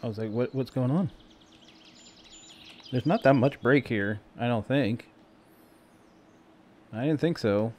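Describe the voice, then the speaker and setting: A man's voice: medium pitch, slow pace, pauses often, a little mellow, a little hiss or hum. Chatty man narrating his golf game. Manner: chatty, self-mocking, talks to himself while playing. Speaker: gaming YouTuber playing a golf game. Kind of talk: casual let's-play commentary.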